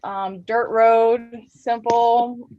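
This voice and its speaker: A woman's voice: on the high side, fairly even intonation, very slow, warm tone, highs cut off. A woman running a tabletop game, chatting with laughter and enthusiasm between bits of scene narration. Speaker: game master. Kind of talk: casual chat and game narration.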